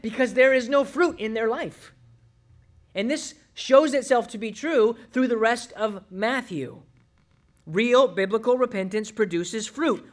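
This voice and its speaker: Earnest high-voiced man preaching. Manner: earnest, swings from loud urgent appeals to hushed tones. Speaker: pastor. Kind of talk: sermon.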